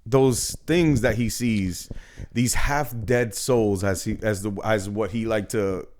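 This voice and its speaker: A man's voice: lowish voice, fairly even intonation, slow pace, a little mellow. A man from New York co-hosting a podcast, talking through a movie in a loose, rambling way with lots of fillers and casual swearing. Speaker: podcast co-host. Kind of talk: casual movie-review chat.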